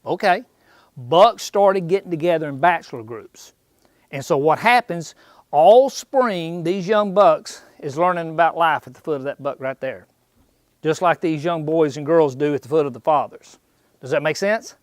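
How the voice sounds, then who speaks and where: A man's voice: on the high side, animated, moderate pace, no echo, clean studio sound. A man giving a folksy, jokey seminar in an indoor archery shop, quizzing the audience as he goes. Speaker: seminar speaker.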